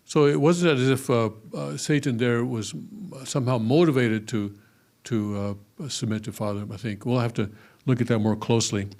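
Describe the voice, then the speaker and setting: A man's voice: medium pitch, fairly even intonation, moderate pace, a little mellow. A man teaching a scripture lesson, reading aloud and breaking off into casual asides with many fillers and restarts. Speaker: religious teacher.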